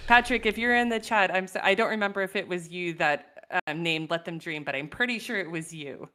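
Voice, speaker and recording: Woman guest on a casual stream, lowish voice, thoughtful, lots of ums and laughs. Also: a little fast, bright, forceful tone. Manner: thoughtful, laughs often, many "um"s. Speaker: guest artist. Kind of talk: casual livestream chat.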